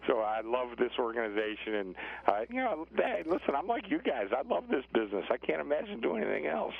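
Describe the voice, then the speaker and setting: A man's voice: medium pitch, very animated, a little fast, vocal fry, slightly rough, phone-quality sound. An older man, a sportsbook director, chatting easily as a podcast guest and laughing often. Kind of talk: casual podcast interview.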